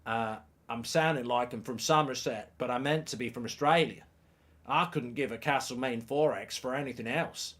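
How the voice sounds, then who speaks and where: A man doing a weak impression of a calm football manager, drawling slowly in an attempted accent. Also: mid-range voice, natural voice. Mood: laid-back.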